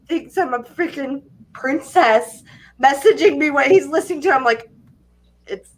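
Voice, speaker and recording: A woman's voice: high voice, measured pace. A young adult woman hosting a livestream, chatting casually and telling funny stories with frequent laughter. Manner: animated storytelling, laughing often. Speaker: livestream host. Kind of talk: casual chat.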